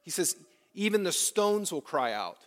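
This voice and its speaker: Preaching in his church sanctuary, a pastor sounds very animated, his voice sitting high while his pace stays measured. He asks the congregation rhetorical questions and repeats phrases, all under a long hall reverb.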